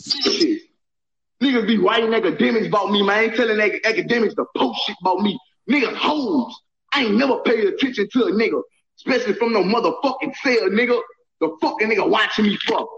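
A man ranting angrily in profane slang, repeating himself and shouting at times. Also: sits high, a little fast, slightly rough, dull audio.

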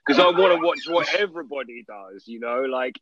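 A man's voice: medium pitch, animated, a little fast. Distant, muffled man over crowd noise. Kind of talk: casual chat.

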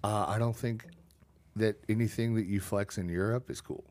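A man's voice: lowish voice, fairly even intonation, normal speed, a little mellow, no echo. A man from Texas hosting a podcast, trading teasing jokes with his guest. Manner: teasing, joking banter. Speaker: podcast host. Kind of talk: casual chat.

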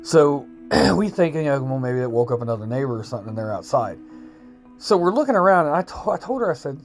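Man, casual storytelling, rambling, throat clearing, middle pitch, faint background music. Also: expressive, brisk. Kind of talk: casual spoken true story.

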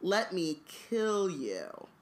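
A woman voicing a menacing, unseen monster that speaks in slow, drawn-out, threatening words. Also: lowish voice, sing-song, full character voice.

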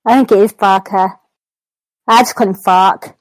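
A woman's voice: mid-range voice, steady tone, measured pace, no echo, poor audio. A woman hosting a football call-in podcast, chatting casually, laughing easily and swearing. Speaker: podcast host.

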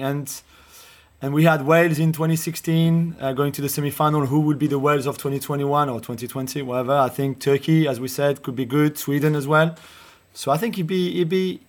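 A man on a podcast, upbeat, thinking aloud about the tournament. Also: a little high. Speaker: podcast guest. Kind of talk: casual podcast chat.

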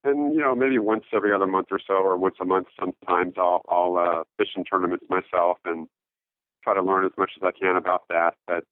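A man answering interview questions in casual talk, halting, with many fillers and restarts, heard over a phone line. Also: low-pitched, steady tone, no echo. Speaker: interview guest, note investor.

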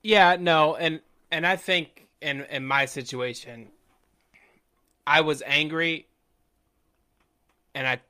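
A man's voice: on the high side, slow, long pauses, sharp tone, smooth. A man co-hosting a podcast in casual chat, earnest and reflective, restarting his sentences often. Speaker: podcast co-host.

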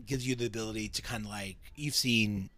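A man's voice: lowish voice, steady tone, a little fast, pushed and bright, dry recording. A man co-hosting a podcast, telling ghost stories in casual chat with lots of restarts and fillers. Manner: rambling, with frequent restarts and fillers. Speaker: podcast co-host.

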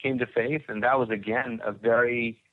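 A man's voice: medium pitch, fairly even intonation, moderate pace. A man telling his story as a podcast guest, rambling with many restarts and repeated words. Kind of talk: conversational testimony. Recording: tinny phone-like line.

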